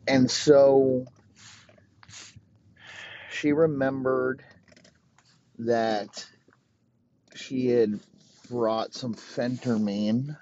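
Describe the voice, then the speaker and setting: Slow, rambling, profane male storyteller. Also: mid-range voice, fairly even intonation, warm tone, lo-fi sound, a little hiss or hum. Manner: rambling, profane, halting restarts. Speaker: comedic storyteller. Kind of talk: improvised crude comedy story.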